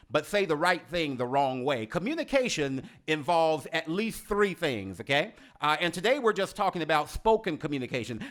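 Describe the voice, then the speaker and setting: A man hosting a leadership video series, talking to the viewer as a coach in an expressive, teacherly way and slowing down for emphasis. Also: fairly high pitch. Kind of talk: scripted instructional talk to camera.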